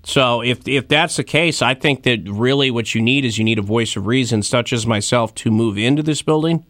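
A man in his thirties hosts a loose, joking talk about strange news, rambling through fillers and asides. His pitch sits in a middling range. The sound is dry and close, with no room around it. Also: moderate pace, a bit bright, dry recording. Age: 30s. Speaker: host. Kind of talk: casual comedic news chat.

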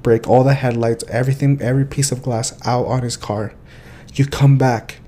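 A young man co-hosts a casual podcast, his voice dark and mellow. He tells stories in an animated way, acting out each scene, with Spanish words slipping in. A faint hiss sits under the recording. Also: mid-range voice, normal speed. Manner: drops Spanish phrases. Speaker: podcast co-host.

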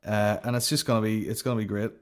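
A man's voice: lowish voice, flat delivery, fast talker. A Northern Irish man hosting a comedy podcast, ranting casually in a profane, rambling way and swearing constantly.

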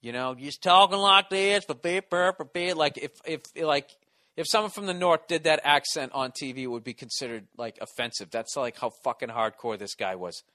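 Profane, rambling male comic with a bright voice. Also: fairly high pitch, moderate pace. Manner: rambling, swears a lot, restarts sentences. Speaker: stand-up comedian. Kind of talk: casual profane storytelling.

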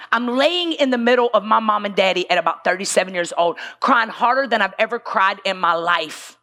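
High, gravelly woman preaching. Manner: emotional storytelling, often shouting for emphasis. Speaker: pastor. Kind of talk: sermon. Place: church stage.

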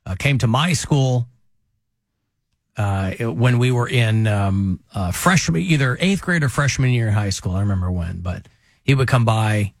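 A man's voice: medium pitch, normal speed, dry recording, studio quality. A man hosting a radio talk show, telling stories in a chatty way with laughs. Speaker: radio host.

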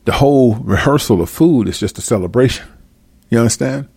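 A man's voice: medium pitch, animated, a little fast, darkish tone, slightly rough, dry recording. A man ranting comedically to his viewers, profane and slangy, breaking into laughter often. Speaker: commentator. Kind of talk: comedic rant to camera.

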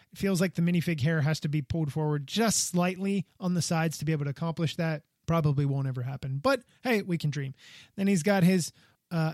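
A man's voice: high-pitched, dry recording, studio quality. A man hosting a casual toy review podcast, talking enthusiastically and rambling, often repeating himself. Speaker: podcast host. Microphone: podcast microphone.

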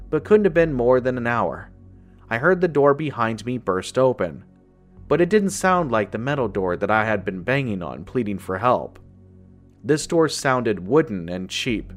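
A man reads a first-person horror story at an even, measured pace, in a mid-pitched everyday voice. Soft music plays quietly behind his narration. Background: faint music.

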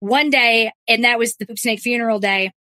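A woman co-hosting a podcast, telling a lively story in a casual chat, quick and full of restarts. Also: on the high side, dry recording. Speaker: podcast co-host.

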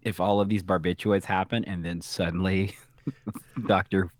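A man's voice: deep voice, little pitch movement, normal speed, dry recording. A man co-hosting a podcast in casual chat, trading sarcastic quips about the episode. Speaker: podcast co-host.

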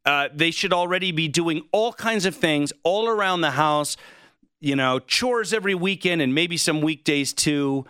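A man's voice: on the high side, normal speed, bright, forceful tone, clear, resonant tone, no room sound, studio quality. A man in his forties hosting an interview, asking questions with curiosity and laughing easily. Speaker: podcast host. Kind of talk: casual interview chat.

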